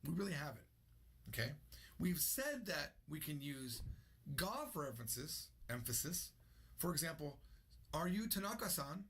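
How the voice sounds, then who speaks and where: A man's voice: fairly high pitch, very animated, normal speed, fairly bright tone, breathy edge. A man teaching a casual online lesson with energy, repeating example sentences aloud. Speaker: language teacher.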